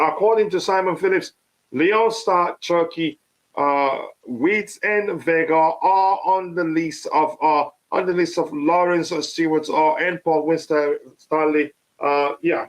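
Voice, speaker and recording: A man hosting a live football stream, talking casually with many fillers and restarts, his voice a little hoarse. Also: fairly high pitch, low-quality recording. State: slightly hoarse.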